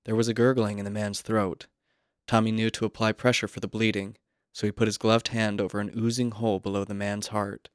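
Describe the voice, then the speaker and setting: A man narrating a literary short story in a measured, quiet, even manner. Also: fairly low pitch, clean tone, no echo, studio quality.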